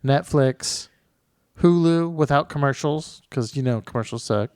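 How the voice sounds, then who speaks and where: A man's voice: a little high, measured pace, darkish tone, clean tone, no room sound, studio quality. A man co-hosting a casual podcast chat, enthusiastic and exclamatory. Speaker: podcast co-host.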